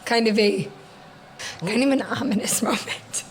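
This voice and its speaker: A young woman with a slightly high voice co-hosts a casual podcast with her sister. She tells everyday stories with animated energy and laughs often. A faint noise sits under the recording. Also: rough recording. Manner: animated storytelling, quick laughs. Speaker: podcast co-host.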